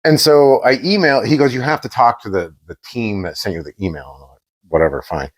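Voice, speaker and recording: A man co-hosting a podcast, chatting casually and telling an animated story, acting out the quoted exchanges. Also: mid-range voice, quick pace. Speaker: podcast co-host.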